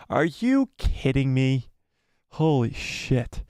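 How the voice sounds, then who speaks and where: Excitable male live-stream host. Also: mid-range voice, brisk, no room sound, clean studio sound. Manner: excitable, exclaiming, repeats himself. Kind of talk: live watch-party chat, reading viewer comments.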